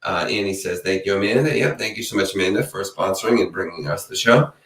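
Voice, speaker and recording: A man's voice: low voice, quick pace, a bit bright. A man hosting a true crime channel, giving a casual, rambling live-stream sign-off and reading out viewer chat. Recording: roomy sound from a distance.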